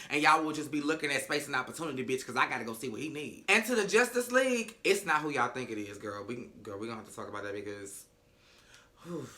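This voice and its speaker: A man's voice: fairly high pitch, sharp tone. A man giving a casual reality-show recap, sassy, emphatic and profane.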